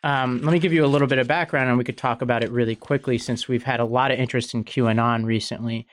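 Measured male political podcast host. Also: medium pitch, steady tone.

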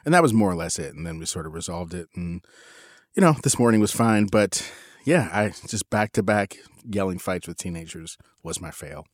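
At a normal pace, this forties-aged podcast co-host casually recounts a story about his teens, voicing the quotes with sudden big jumps in pitch. It's an animated delivery, captured dry and at studio quality.

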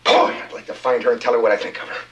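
A man's voice: medium pitch, flat delivery, very fast, a bit bright, close to an everyday voice. An actor playing a heartbroken, bitter middle-aged man in a television drama, sulking and feeling sorry for himself. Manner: sulky, self-pitying outbursts.

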